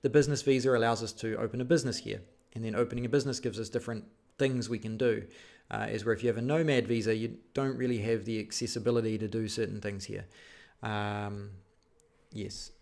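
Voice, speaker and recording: A man's voice: fairly low pitch, fairly even intonation, quick pace, vocal fry, darkish tone. A man hosting a live stream, reading out viewer questions and answering them in a casual, rambling way with many fillers. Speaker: vlog host answering live chat.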